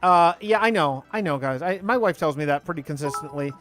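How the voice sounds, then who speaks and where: A thirties-aged man on a live stream talks a little fast in a fairly bright voice on the high side, his intonation lively. He rambles through his gameplay and replies to chat with faint music behind.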